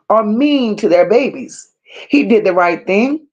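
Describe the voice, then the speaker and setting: A woman hosting a commentary stream, talking in a slow, emphatic and scornful way and stopping to read viewer comments aloud. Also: medium pitch, lively intonation, a little mellow. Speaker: commentary channel host. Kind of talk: unscripted livestream rant.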